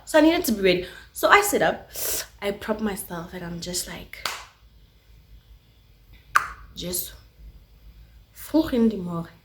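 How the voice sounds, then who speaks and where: A woman's voice: mid-range voice, a little slow, long pauses, a little hiss or hum. A South African woman vlogger telling a story casually, full of filler words, switching languages mid-sentence and acting out sounds. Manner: animated storytelling with sound effects. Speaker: YouTuber.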